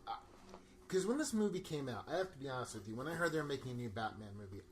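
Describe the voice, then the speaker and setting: A man co-hosting a casual podcast, rambling excitedly about a film, often laughing and quoting lines from it. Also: medium pitch, very fast, a crowd in the background. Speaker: podcast co-host. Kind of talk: casual movie discussion.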